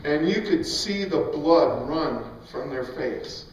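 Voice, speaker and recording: A man giving an animated, emphatic storytelling talk at a Christian event, often laughing as he speaks. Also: fairly high pitch, takes it slowly, hardly any pauses. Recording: echoey hall, mic far off, dull sound.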